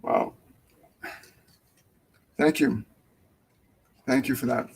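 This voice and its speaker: A man hosting a live mediumship show, relaying messages gently and hesitantly, with many fillers and restarts. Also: mid-range voice, extremely slow, vocal fry, slightly rough, rough recording. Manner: soft, dropping almost to a whisper when relaying tender messages. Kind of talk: casual live mediumship reading.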